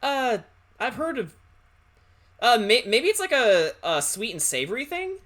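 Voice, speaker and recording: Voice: mid-range voice, big pitch swings, measured pace, fairly bright tone. A streamer chatting casually while drawing, rambling and hesitant with lots of fillers. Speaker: streamer and artist.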